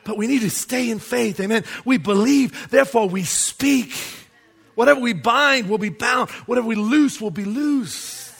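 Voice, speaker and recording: A man's voice: very high-pitched, normal speed, creaky, a bit bright, breathy edge. A man preaching a sermon as pastor, emphatic and asking the congregation rhetorical questions.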